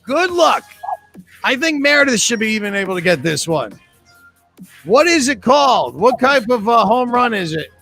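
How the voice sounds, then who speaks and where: A high-pitched man hosts a live trivia game, reading questions aloud and trading jokes with his co-hosts. His delivery is chatty and teasing, and faint music plays underneath. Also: very animated, normal speed, bright, forceful tone. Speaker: trivia host. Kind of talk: live trivia podcast banter.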